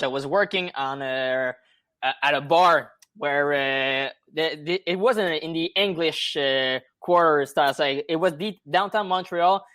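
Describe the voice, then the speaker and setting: A young man from Quebec with a Quebec French accent, chatting casually in English and often pausing to find words. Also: fairly high pitch, a bit bright, no echo. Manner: searching for English words, many fillers and restarts. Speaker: guest. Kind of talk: casual chat.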